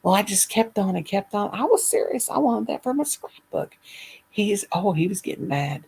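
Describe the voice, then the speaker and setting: A middle-aged woman telling a funny story in a casual chat, animated and laughing as she goes. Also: medium pitch, moderate pace, creaky, slight background noise, rough recording. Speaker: caller.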